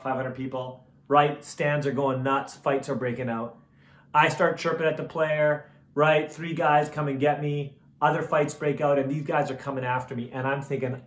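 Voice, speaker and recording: A man preaching a recorded camp message in a slightly high voice, casual and chatty. He tells stories with animated energy and then turns soft and earnest. The room around him is echoey. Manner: animated storytelling, falling to soft earnest appeals; casual, says "man" and "right?". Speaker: camp speaker.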